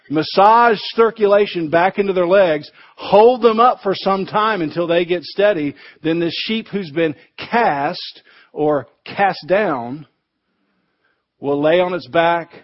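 A man's voice: high voice, no echo. A male pastor delivering a sermon in a conversational storytelling way, with touches of humor. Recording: dull lo-fi recording.

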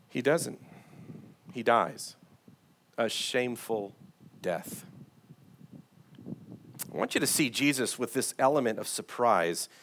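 A male pastor delivers a sermon in a church sanctuary, his pitch rising and falling in a lively, animated way. He moves between forceful, raised passages and hushed, quiet ones while reading scripture aloud. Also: a little hiss or hum. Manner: preaching with dramatic swings in loudness, reading scripture aloud.

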